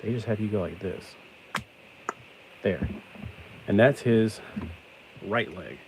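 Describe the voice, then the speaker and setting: A man's voice: lowish voice, a little slow, long pauses, low-quality recording. A middle-aged man rambling casually while building a toy, joking at his own expense. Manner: chatty, self-deprecating, joking asides. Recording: steady background noise.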